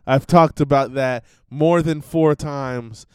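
A man's voice: medium pitch, slow, clear, resonant tone, no room sound, clean studio sound. A man hosting his own podcast, rambling through a profane, self-interrupting rant and mimicking other people's voices. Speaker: podcast host. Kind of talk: casual ranting monologue.

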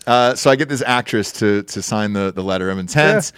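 A man's voice: fairly low pitch, fast, clean tone, dry recording, clean studio sound. A man telling a long, profane story in a casual podcast chat, acting out the people in it. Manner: animated, profane, acts out quoted people. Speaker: podcast host.

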